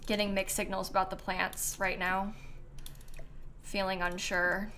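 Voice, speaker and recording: A woman's voice: medium pitch, level tone, a little slow, bright, forceful tone, a little hiss or hum. A young woman streaming a game, thinking aloud in casual chat, hesitant and full of ums.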